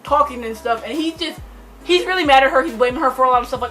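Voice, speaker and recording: Young woman, book vlogger, gushing ramble, bright tone, slightly high voice, faint music behind. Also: quick pace. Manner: excitable, gushing, lots of fillers.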